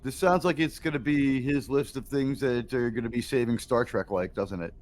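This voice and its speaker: A man hosting a casual reaction show, talking bluntly with plenty of swearing. He laughs often and speaks at a middle pitch. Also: normal speed, a little hiss or hum. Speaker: host.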